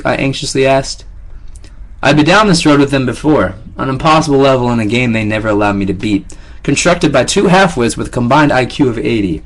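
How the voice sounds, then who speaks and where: A man's voice: mid-range voice, fairly quick. A man narrating a first-person novel in a sardonic, wry tone. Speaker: audiobook narrator.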